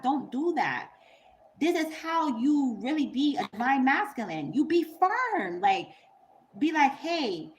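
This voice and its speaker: A young woman, telling a story to camera in a blunt, profane, animated way and laughing often. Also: high-pitched, a little hiss or hum. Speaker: vlogger. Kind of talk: unscripted storytime rant.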